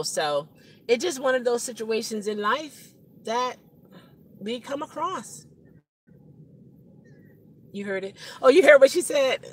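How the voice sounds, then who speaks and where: Unhurried, reflective woman driver vlogging in her car, easy laughter, drawn-out folksy sayings. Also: medium pitch, a little hiss or hum, low-quality recording. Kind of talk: casual vlog monologue. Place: inside a car.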